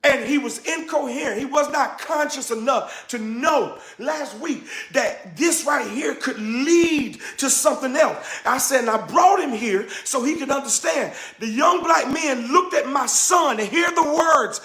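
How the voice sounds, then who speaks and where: A man speaks in a strikingly high voice, preaching his point with rising fervor and bursts of shouting. The sound carries a roomy echo around it. He talks like a pastor testifying to his listeners. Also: lively intonation, a little slow, hardly any pauses. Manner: preacherly, emphatic, builds to shouting. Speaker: pastor and show host. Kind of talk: impassioned spoken testimony.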